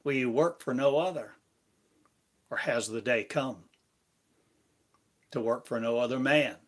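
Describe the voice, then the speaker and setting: A man giving a meditative spiritual lesson, speaking in slow, repetitive, incantatory phrases. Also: mid-range voice. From United States. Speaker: spiritual teacher.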